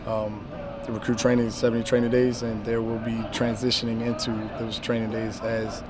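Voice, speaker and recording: A man from the Marine Corps giving a halting interview answer outdoors, with fillers. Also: medium pitch, monotone. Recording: loud outdoor background noise.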